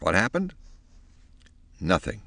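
A man narrating a children's storybook in an expressive, animated reading. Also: sits low, slow pace, creaky, no room sound.

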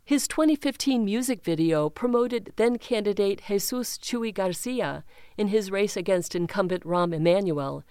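Smooth-voiced woman reading the news. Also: mid-range voice, darkish tone, dry recording, studio quality. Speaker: news reader. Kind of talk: reading a news article aloud.

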